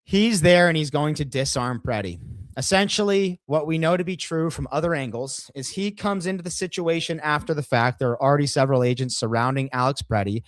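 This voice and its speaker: A man's voice: fairly high pitch, brisk, no echo. A man co-hosting a podcast, brash and profane, walking viewers through a video. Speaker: podcast co-host. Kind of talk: casual podcast discussion.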